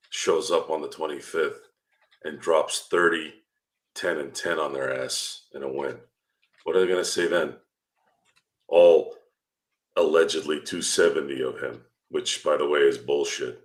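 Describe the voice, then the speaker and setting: A man's voice: rumbling low, measured pace. A man talking heatedly as a guest on a fan podcast, asking rhetorical questions and swearing freely. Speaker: guest commentator. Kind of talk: casual podcast chat.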